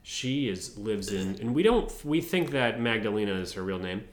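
Low-voiced man reading a story, echoey room. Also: expressive, normal speed. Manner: reads story notes aloud, joking asides. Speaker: podcast co-host. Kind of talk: casual podcast chat.

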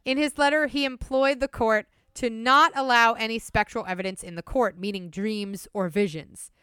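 Clear-voiced woman podcast host. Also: on the high side, moderate pace, dry recording. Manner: laughs often, lively narration. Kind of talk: casual storytelling chat.

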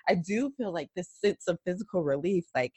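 Woman podcast host, lowish voice, giggly, dry close mic sound. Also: animated, fairly quick, darkish tone, breathy edge, dry recording. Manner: giggly, self-deprecating. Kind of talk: casual podcast interview.

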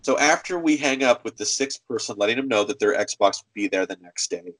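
A man co-hosting a podcast, telling stories in a casual, animated way. He acts out other people's voices as he goes. His voice sits in a middle pitch. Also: brisk, rough recording. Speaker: podcast co-host. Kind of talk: casual storytelling.

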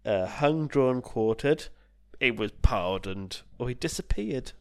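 A man reading out quiz questions in loose, swearing banter with a friend. His pitch leaps around animatedly, and he teases and mocks as he goes. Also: slow pace. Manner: sweary, teasing, lively. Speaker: podcast co-host.

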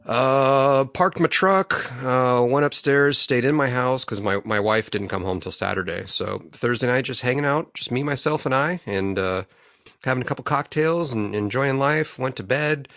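A man in the middle of a loose, foul-mouthed story, jumping into loud replays of what he yelled and then dropping back to an easy tone. His voice sits at an ordinary male pitch, and the recording is close and dry with no room sound. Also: normal speed, no echo. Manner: animated, swears freely, acts out his own outbursts. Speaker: podcast co-host. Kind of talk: casual profane storytelling.

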